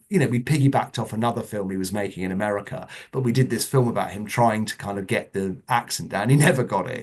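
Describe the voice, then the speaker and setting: Chatty middle-aged man, fairly low voice. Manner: chatty anecdotal storyteller, lively asides. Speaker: interview guest, former children's TV producer. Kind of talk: casual conversational interview.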